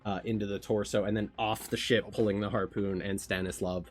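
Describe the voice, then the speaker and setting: Low-voiced male game master, casual. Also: level tone, a little fast, faint music behind. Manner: casual, swears, narrates vividly. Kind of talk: running a tabletop game on a live stream.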